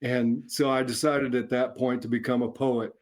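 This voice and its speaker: A middle-aged man, an author answering interview questions in a relaxed way, chuckling often and restarting his sentences as he rambles. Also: medium pitch, moderate pace. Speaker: author guest. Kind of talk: casual interview chat.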